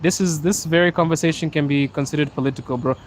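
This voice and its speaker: A livestream host strolls through a snowy city, joking and chatting while he reads comments aloud and answers viewers' questions. He speaks fast in a slightly high, steady voice, and there's a little background noise.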